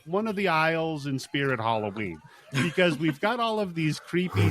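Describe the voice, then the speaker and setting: A man hosting a podcast, chatting casually and telling deadpan stories with plenty of swearing. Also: a little high, slight background noise. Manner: profane, deadpan storytelling. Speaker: podcast host. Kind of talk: casual chat.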